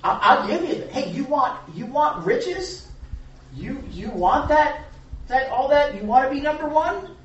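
Preacher doing a pushy tempting devil, higher and louder than usual, echoey room far off mic. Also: animated, a little slow, lo-fi sound, a little hiss or hum. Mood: wheedling. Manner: wheedling, pushy questions. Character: tempting devil, smooth-talking bribing dealer.

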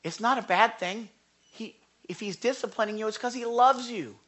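Bright, impassioned male preacher. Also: normal speed. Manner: impassioned, rising to high urgent pleas then dropping low and quiet. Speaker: pastor. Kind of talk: sermon. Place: church without a microphone.

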